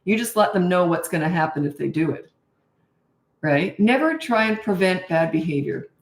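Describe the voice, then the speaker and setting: A woman's voice: fairly low pitch, expressive, normal speed. An older woman, a parenting coach, giving blunt, direct advice in a live-stream Q&A. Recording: echoey room.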